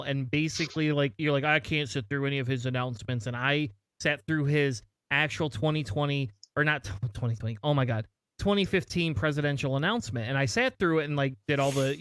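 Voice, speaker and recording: A man's voice: on the high side, a bit bright, clean tone, no echo. A man hosting a podcast in casual banter, rambling and cutting himself off as he jokes. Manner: rambling, self-interrupting, joking. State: has been drinking. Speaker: podcast host.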